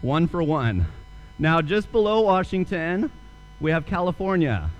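A man's voice: on the high side, sing-song, measured pace, rough recording. A young man preaching a sermon, telling a story and then asking earnest rhetorical questions. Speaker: pastor.

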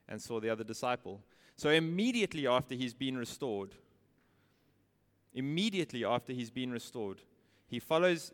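Male preacher, smooth resonant voice, emphatic sermon delivery, long hall reverb. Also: mid-range voice. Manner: emphatic, rhetorical questions, repeats key phrases.

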